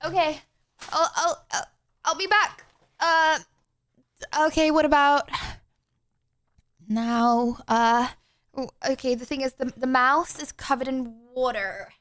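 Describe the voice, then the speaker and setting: A woman's voice: high voice, slow, long pauses, a bit bright. A young woman streaming live from home, chatting casually and laughing as she fumbles through technical problems. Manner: flustered, exclaiming, laughing through tech trouble.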